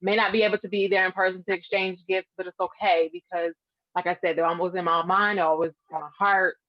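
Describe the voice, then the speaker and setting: A woman's voice: fairly low pitch, flat delivery, fast talker, no room sound, lo-fi sound. Upbeat, earnest woman. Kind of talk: casual talk show conversation.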